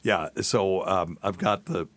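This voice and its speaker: Middle-aged guy hosting a podcast, lowish voice, rambling self-mocking stories. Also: takes it slowly, no echo. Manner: self-deprecating, animated storyteller. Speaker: podcast host, doctor. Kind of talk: casual storytelling chat.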